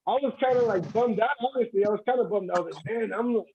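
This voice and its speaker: A man's voice: sits high, racing, noisy background. A man guest chatting casually on a livestream, rambling, repeating words and laughing often. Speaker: guest arm wrestler.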